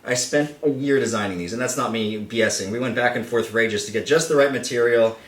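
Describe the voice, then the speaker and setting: A man's voice: medium pitch, fast. A man hosting a casual vlog to camera, playful and self-mocking, rambling as he talks. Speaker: channel host. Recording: roomy, slightly distant mic.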